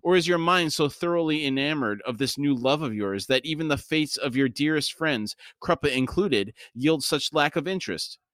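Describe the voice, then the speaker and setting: A man's voice: a little high, lively intonation, normal speed, hardly any pauses, fairly bright tone, no echo, studio quality, voice pushed up. Kruppa, a man putting on a pompous florid rogue. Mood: grandiloquent. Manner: florid, speaks of himself by name. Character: pompous verbose male rogue, fond of himself.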